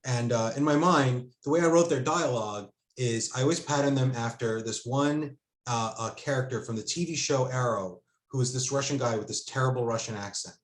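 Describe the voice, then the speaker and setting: A man at a middle pitch, talking casually as an author and guest. He hesitates often, stacking ums and starting sentences over. His voice rings with noticeable room echo. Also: brisk. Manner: hesitant, many fillers and restarts. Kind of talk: casual conversation. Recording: roomy echo.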